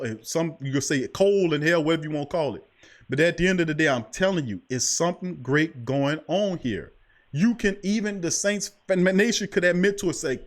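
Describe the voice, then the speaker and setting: Man, high voice, sports talk host, preachy, emphatic, repetitive. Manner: preachy, emphatic, repeats "I'm telling you". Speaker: podcast host.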